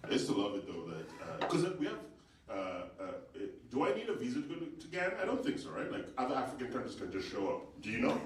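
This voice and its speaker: A man from Uganda, performing a live stand-up set of conversational stories that burst into yelled punchlines. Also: medium pitch, very animated, fast, background noise. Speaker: stand-up comedian. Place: theatre stage with live audience. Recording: echoey theatre, distant mic, audience laughter.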